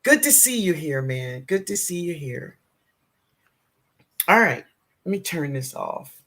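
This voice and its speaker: A woman with a New Orleans accent hosting a casual livestream, greeting viewers warmly and chatting with frequent laughs. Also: deep voice, sing-song, measured pace. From southern United States. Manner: warm, chatty, calls viewers baby, laughs often. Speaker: gardening livestream host. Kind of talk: casual live-stream chat greeting viewers.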